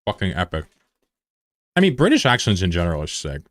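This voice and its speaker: A man's voice: sits low, wildly swooping pitch, fairly quick, dry recording. A young American man chatting loosely with viewers on a stream, rambling and swearing freely. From USA. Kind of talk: casual chat with viewers.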